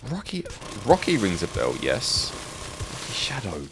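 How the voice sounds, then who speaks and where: Deep, gravelly English man streaming. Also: lively intonation, fairly quick, noisy background. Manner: chatty, reminiscing with chat, laughs often. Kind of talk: casual live-stream chat.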